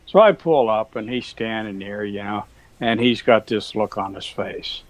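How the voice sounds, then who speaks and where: A man's voice: on the low side, normal speed, dry recording, poor audio. A man, a cattle rancher, telling a rambling farm story in a folksy, chuckling manner. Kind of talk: casual storytelling.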